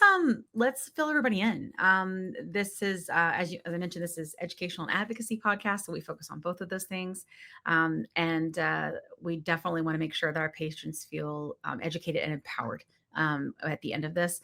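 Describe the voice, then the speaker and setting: A woman hosting a casual podcast chat, upbeat and talkative, with frequent ums. Her voice sits a little low for a woman. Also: brisk, gravelly, bright, forceful tone. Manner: upbeat, chatty, with filler ums. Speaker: podcast host.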